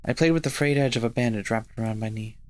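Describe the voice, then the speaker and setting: A man's voice: mid-range voice, fast. Man reading game text aloud. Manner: steady first-person reading of game text. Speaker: let's play host. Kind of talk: reading visual novel narration aloud.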